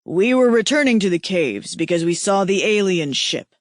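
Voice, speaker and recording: A woman's voice: mid-range voice, animated, normal speed, no room sound, lightly acted. A woman reading as a grim alien hunter who speaks in short, clipped lines. Close, dry sound with little change from her own voice. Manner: grim, terse.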